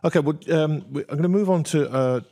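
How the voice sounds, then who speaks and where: A man's voice: on the high side, fast talker, dark tone. A man hosting an interview, reading out listener questions in a hesitant way with frequent ums and restarts. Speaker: host.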